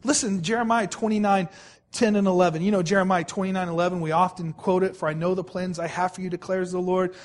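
A male pastor delivers a sermon in a notably high voice. He leans on repetition, stretching out important words for emphasis. He keeps turning to the congregation with direct questions. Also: steady tone. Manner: emphatic, repeats phrases, slows right down to stress key words.

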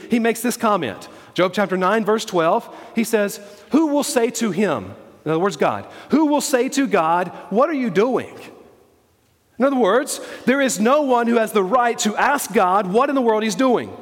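A man's voice: sits high, big-room sound. A man preaching a sermon as pastor, emphatic, repeating key phrases and asking the congregation questions.

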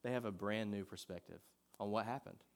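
A man preaching a sermon in a conversational way, moving between loud emphatic points and quiet scripture reading. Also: lowish voice, brisk. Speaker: pastor.

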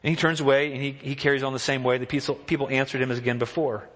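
A man preaching a sermon as pastor, animated, acting out the voices in the story he reads. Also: very fast. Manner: animated, acts out quotes with rising pitch. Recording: long hall reverb.

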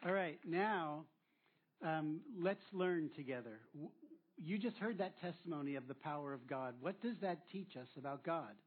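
A man's voice: a little high, moderate pace, slight background noise. A man preaching a sermon as pastor, drawing answers from the congregation and repeating them back with encouragement. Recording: tinny phone-like sound.

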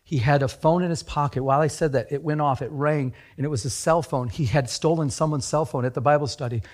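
A man preaching a sermon, telling personal stories in a chatty, animated way. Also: on the high side, quick pace. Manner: animated, chatty, laughs at his own jokes. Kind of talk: sermon storytelling.

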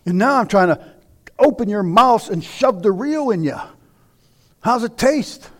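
A middle-aged male pastor preaching a sermon, telling stories and asking questions, dropping to near whispers and rising to shouts. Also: high voice, expressive, a little slow. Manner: dramatic, swings from hushed near-whispers to shouting; conversational storytelling with rhetorical questions.

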